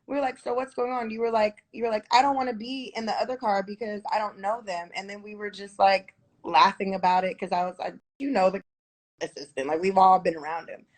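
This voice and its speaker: A woman's voice: medium pitch, fairly even intonation, fairly quick. A woman in a heated conversation, defending herself with many fillers and restarts.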